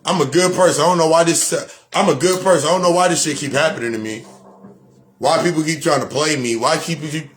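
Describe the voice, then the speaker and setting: Blunt, preachy man speaking fairly high. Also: quick pace. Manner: preachy, repetitive, blunt with profanity. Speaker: spiritual speaker. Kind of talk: motivational monologue.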